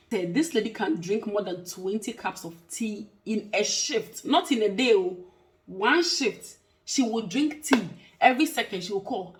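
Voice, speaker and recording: A woman's voice: mid-range voice, lively intonation, measured pace. A woman talks casually to camera in a mid-range voice. She is emphatic and restates each point to drive it home. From Africa. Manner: emphatic, repeats points for stress. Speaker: vlogger and care worker.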